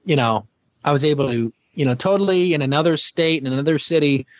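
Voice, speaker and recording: A man's voice: a little high, fast. A middle-aged man, a former game show host, telling stories as an interview guest with many fillers and restarts. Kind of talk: casual interview anecdote.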